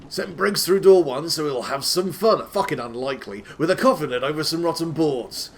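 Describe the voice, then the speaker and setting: Gravelly man hamming up rhyming verse. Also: a little high, moderate pace. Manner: reads in a put-on rustic old-timey accent that keeps slipping; breaks off into sweary, laughing asides. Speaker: reader of a game walkthrough. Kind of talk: comic dramatic reading of rhyming verse.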